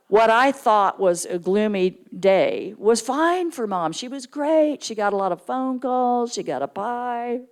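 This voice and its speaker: Animated woman telling a story from the pulpit. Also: normal speed, hardly any pauses. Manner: animated storyteller, acts out quoted voices with big pitch jumps. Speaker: guest speaker at church. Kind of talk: storytelling sermon. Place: church sanctuary.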